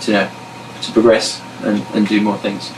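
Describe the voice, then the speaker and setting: A man's voice: fairly low pitch, monotone, normal speed. A man in a band answering fan questions casually, hesitant and thinking aloud. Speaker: band member. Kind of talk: casual live Q&A chat. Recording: echoey room, distant mic, faint noise.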